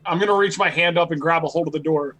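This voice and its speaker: A man's voice: on the high side, quick pace, fairly bright tone. A man playing a tabletop game, talking bluntly and dryly in casual chat.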